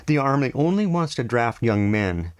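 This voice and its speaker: A man's voice: medium pitch, sing-song, moderate pace, dry recording, clean studio sound, close to an everyday voice. A man reading a novel aloud and voicing a protective village mother in a raised, urgent tone. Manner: pleading, urgent.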